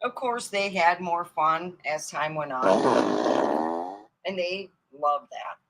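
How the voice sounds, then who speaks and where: A woman's voice: low-pitched, sing-song, slow, background noise. A middle-aged woman telling rambling, profane comic stories from her own life and laughing at them as she goes. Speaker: comedian. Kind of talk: casual storytelling monologue.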